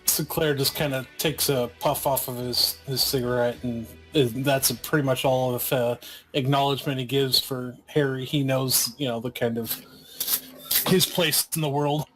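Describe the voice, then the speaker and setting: A man playing a tabletop game, calmly describing what his character does. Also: mid-range voice, moderate pace, soft background music, rough recording. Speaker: player.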